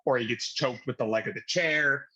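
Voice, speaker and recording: A man co-hosting a casual podcast, telling a story in an animated way and laughing at himself. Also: mid-range voice, normal speed, slightly rough, dull audio. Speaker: guest co-host.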